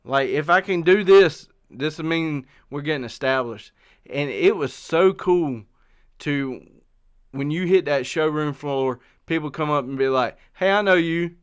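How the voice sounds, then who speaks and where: Outdoors on a live stream, a middle-aged outdoor channel host from South Carolina chats casually with viewers in a Southern US accent, rambling with many fillers and restarts. His voice is fairly high, a little slow, and smooth.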